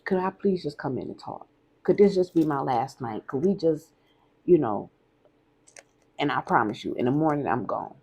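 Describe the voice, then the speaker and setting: A woman quoting a pleading adult man, her abusive ex-partner, in a hushed, begging voice. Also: a little high, animated, moderate pace, pauses often, slightly rough.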